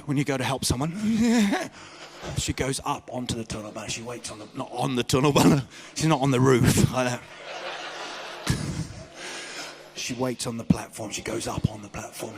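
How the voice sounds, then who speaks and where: A man doing a stand-up comedy set, telling stories in a loud, animated way with shouted bits. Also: medium pitch, a little fast, hardly any pauses.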